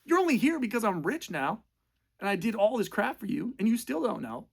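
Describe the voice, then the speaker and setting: A man mocking a clingy, melodramatic young man who pleads loudly and whines in exasperation. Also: high voice, fast, creaky, pitched above the performer's own voice. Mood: exasperated. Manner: whiny, exasperated, loud pleading.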